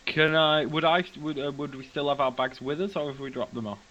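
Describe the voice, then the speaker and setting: A man's voice: on the high side, fairly quick, sharp tone, dull audio. A man playing a tabletop role-playing game, talking in a hesitant, stammering way. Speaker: player.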